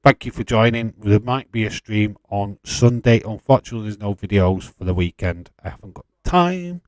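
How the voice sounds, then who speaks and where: A man's voice: lowish voice, normal speed, darkish tone, no room sound. Laid-back Yorkshire man streaming. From England. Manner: chatty and laid-back, chuckling often, light swearing. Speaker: livestream host. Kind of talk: casual live-stream chat, reading out viewer comments.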